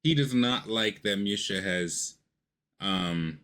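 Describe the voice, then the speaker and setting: A man's voice: lowish voice, takes it slowly, fairly bright tone, clean tone. A man casually reviewing a show, rambling with lots of fillers and the odd curse.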